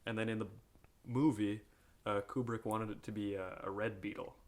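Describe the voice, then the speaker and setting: A man's voice: lowish voice, level tone, normal speed. This is a man from upstate New York co-hosting a film podcast. He talks in a loose, rambling way, swears freely and laughs often while he retells movie trivia. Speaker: podcast co-host. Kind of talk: casual film chat.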